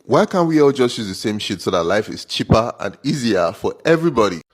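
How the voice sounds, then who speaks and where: A man's voice: fairly low pitch, sing-song, fairly quick. A man complaining sarcastically in a casual vlog rant.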